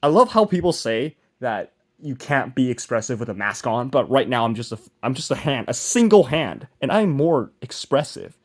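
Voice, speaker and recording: A man's voice: medium pitch, big pitch swings, moderate pace, hardly any pauses. A young man talking casually to camera as he works on a project, mumbling and self-deprecating, often trailing off and restarting. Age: young adult. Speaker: vlogger. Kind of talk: casual rambling vlog while working.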